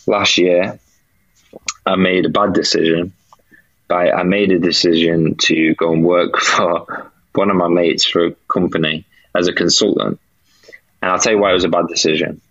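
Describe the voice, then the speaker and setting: A man's voice: low-pitched, fairly even intonation, normal speed, fairly bright tone, no echo. A British man, a podcast guest, earnestly telling a faith testimony and acting out the dialogue he remembers. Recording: dull lo-fi dry sound.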